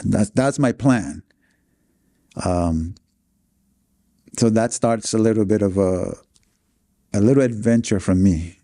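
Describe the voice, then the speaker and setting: Brief: New man, forties, interview guest telling his story; low, dark, mellow voice, dry close sound, earnest and halting. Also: no room sound. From New York City, USA. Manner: earnest, with many fillers and restarts.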